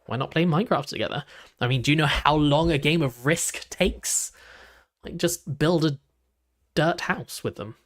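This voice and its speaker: A man's voice: a little high, moderate pace. A young man, chatting casually while reacting to videos, rambling with lots of "like" and restarts.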